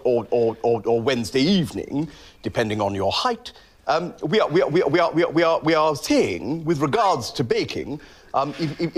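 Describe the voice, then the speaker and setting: A man playing a bumbling prime minister giving a stammering, blustering televised address in a comedy sketch. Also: fairly high pitch. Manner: stammering, blustering, repeating words. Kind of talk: played clip of a comedy sketch.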